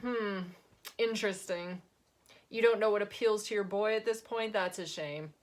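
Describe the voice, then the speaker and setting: A woman's voice: mid-range voice, normal speed, natural voice. A woman reading as a haughty old matron. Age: older. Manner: haughty, clipped and condescending. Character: stern condescending older woman, children's home matron.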